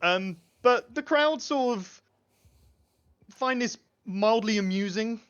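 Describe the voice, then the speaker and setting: A man narrating a tabletop game as its game master, hedging with 'sort of' at every turn. His voice is bright and a little high for a man, and the mic sounds dull and lo-fi. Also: expressive, slow, clean tone. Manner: hesitant, full of 'sort of' and 'like'.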